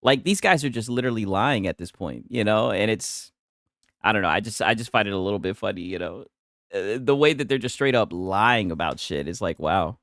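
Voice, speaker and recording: A man's voice: lowish voice, lively intonation, fairly quick, a bit bright, dry recording, studio quality. A man hosting a casual gaming news stream, talking loosely and profanely and laughing often as he reacts to posts. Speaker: livestream host.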